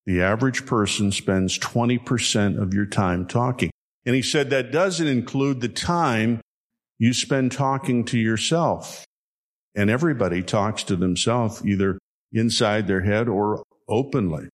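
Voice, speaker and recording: Man, low-pitched preacher; homespun storytelling, deliberate emphasis on key lines. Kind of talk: sermon.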